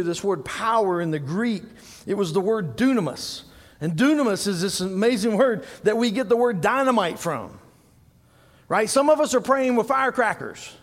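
A middle-aged pastor, preaching in a strikingly high voice. He tells lively stories and builds to loud, emphatic points. His voice rings out with a long reverb from the hall around him. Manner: animated storytelling, laughing at his own stories, rising to loud emphasis. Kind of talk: sermon.

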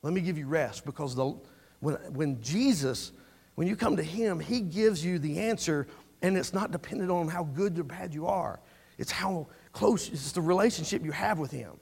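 A man's voice: a little high, animated, normal speed, vocal fry, a little mellow, breathy edge. A man preaching a sermon in a church, speaking earnestly and conversationally, often repeating words as he goes. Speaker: pastor.

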